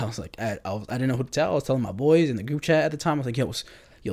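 Man, twenties, casual storytelling, profane, filler-heavy, animated. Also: mid-range voice, rapid-fire. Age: 20s. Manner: animated, acts out his own reactions.

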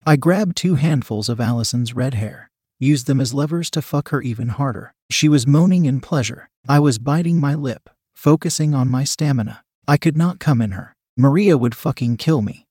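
A man reads a first-person adult story in a mid-pitched voice with a breathy edge, keeping a steady, measured pace. The sound is close-miked and dry, free of room echo.

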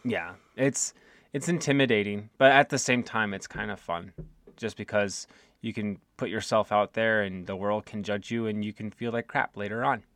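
A man's voice: on the low side, moderate pace, a bit bright, no echo. A man with a Midwestern accent co-hosting a casual podcast, teasing his co-host with dry banter. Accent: Midwestern American.

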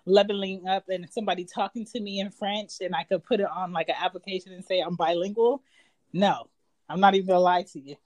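Casual woman in her thirties, lowish voice, lively storyteller, relaxed chat. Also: a little fast, dry recording. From United States (Georgia). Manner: animated, laughing storyteller with big pitch jumps.

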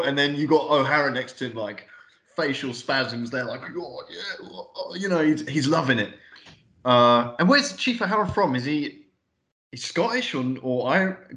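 A man's voice: mid-range voice, a bit bright. A young man co-hosting a podcast, rambling casually and swearing while recapping a film. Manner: rambling, sweary, lots of fillers. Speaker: podcast co-host. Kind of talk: casual film review chat.

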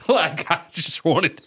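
Guy on a podcast, lowish voice, jokey and laughs a lot. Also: fairly bright tone, a little hiss or hum. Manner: laughs often, teasing. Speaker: podcast co-host. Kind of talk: casual chat.

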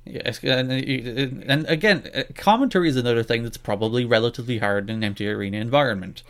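A man co-hosting a podcast in casual chat, talking quickly and restarting his sentences often. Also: mid-range voice, fairly bright tone. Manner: quick, self-interrupting talk with frequent restarts. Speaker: podcast co-host.

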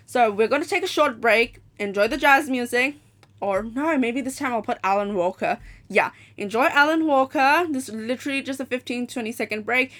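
Teen girl podcaster, swears a lot, animated storytime rant, kinda high voice. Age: late teens. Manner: animated, profane ranting. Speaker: podcast host.

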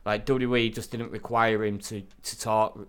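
A man's voice: lowish voice, little pitch movement, normal speed, fairly bright tone, smooth. A man in casual chat, blunt and swearing freely as co-host.

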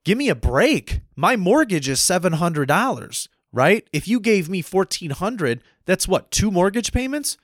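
A man's voice: high voice, very animated, unhurried, few pauses, no room sound, clean studio sound. An American man giving a heated, impassioned political rant, repeating himself and calling his listeners folks. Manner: heated, repetitive, addresses audience as folks. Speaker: political commentator.

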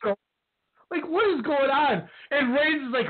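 A man co-hosting a casual wrestling talk show, animated and acting out quotes. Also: very high voice, normal speed. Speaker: podcast co-host. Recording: tinny phone-line audio.

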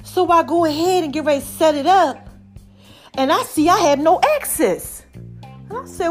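Breathless chatty woman podcaster, high voice. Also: normal speed, faint music behind. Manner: animated, calls listeners baby and y'all. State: short of breath. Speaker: podcast host. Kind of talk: casual chatty monologue.

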